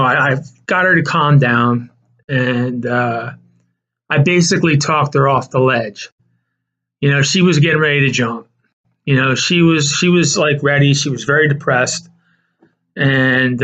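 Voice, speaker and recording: A man's voice: medium pitch, a bit bright. A man telling a personal story in a loose, rambling way, full of fillers and restarts. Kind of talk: casual spoken storytelling. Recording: dull lo-fi recording.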